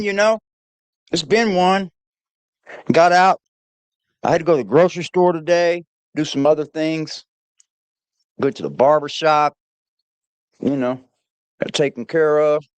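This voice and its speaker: A woman's voice: sits low, no room sound. A woman hosting a casual livestream, playfully greeting chatters by name one after another on a laptop mic. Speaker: livestream host.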